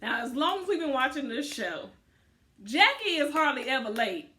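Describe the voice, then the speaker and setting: Co-host, woman, high bright voice, animated casual recap talk. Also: moderate pace. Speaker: podcast co-host.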